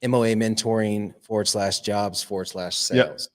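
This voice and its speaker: A man's voice: on the low side, fairly even intonation, moderate pace. A man hosting a podcast interview, agreeable and affirming as he chats with his guest. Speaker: podcast host.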